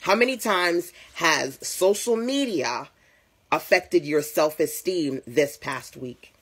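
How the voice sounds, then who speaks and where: A woman's voice: deep voice, lively intonation, slow, fairly bright tone, breathy edge. A woman business coach giving a chatty motivational talk on a live stream, greeting viewers and speaking to them directly.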